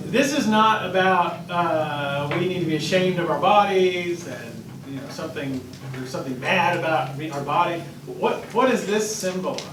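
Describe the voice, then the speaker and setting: A man, a pastor, teaching a Bible class in a conversational, animated way. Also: fairly high pitch, normal speed, hardly any pauses. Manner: conversational, animated, acts out voices and laughs. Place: church classroom. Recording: echoey room, voice from a distance, faint noise.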